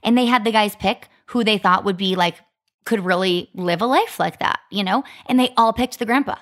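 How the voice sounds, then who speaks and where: Telling a story as a podcast co-host, this woman in her thirties speaks at a moderate pace in a medium-pitched, fairly bright voice. She's casual and chatty, leaning heavily on "like" as a filler.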